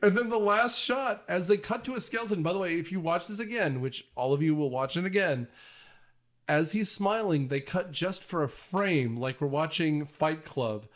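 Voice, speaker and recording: A man's voice: on the high side, expressive, normal speed. A man hosting a casual movie podcast, talking enthusiastically with frequent fillers and restarts. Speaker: podcast host.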